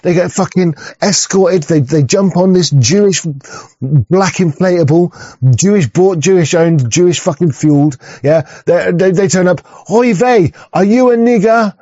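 A man's voice: on the high side, measured pace, dark tone, no echo. English guy ranting on and on, swears a lot, keeps restarting, dull dry sound. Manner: rambling, stammering restarts, heavy swearing. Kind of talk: profane rambling monologue. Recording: dull, dry muffled audio.

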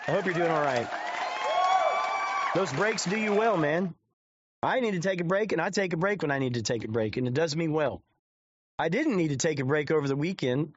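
A man's voice: a little high, a little hiss or hum. A man giving crude, rambling commentary on his live stream and swearing constantly. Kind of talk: profane off-the-cuff stream commentary. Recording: dull lo-fi dry sound.

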